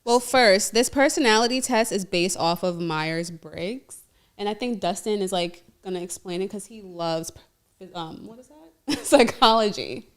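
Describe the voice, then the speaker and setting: A woman's voice: medium pitch, normal speed. A woman, a guest on a casual podcast, playful and teasing. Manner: playful, teasing, contradicts the others.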